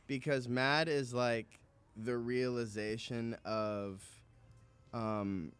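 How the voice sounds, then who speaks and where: A laid-back man talking softly and casually as a musician guest in a studio, with slangy asides. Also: medium pitch, fairly even intonation, drawn-out words, clean tone. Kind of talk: casual interview chat. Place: recording studio.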